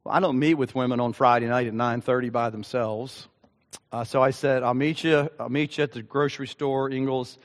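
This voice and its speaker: A male pastor delivering a sermon with a personal story, earnest and halting, with frequent ums. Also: mid-range voice, steady tone. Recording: long hall reverb.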